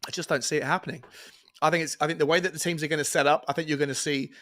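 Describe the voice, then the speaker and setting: A man hosting a live fan watchalong stream, chatting excitably and reading out viewer comments. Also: a little high, rapid-fire. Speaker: fan show host. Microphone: earphones with mic, webcam.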